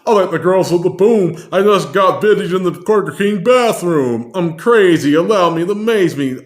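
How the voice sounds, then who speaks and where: A man's voice: high voice, lively intonation, moderate pace, pitched above the performer's own voice. A man putting on the voice of a brash, boastful male rapper persona, rapping lyrics in a playful, exaggerated way. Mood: cocky. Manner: playful, exaggerated rap delivery.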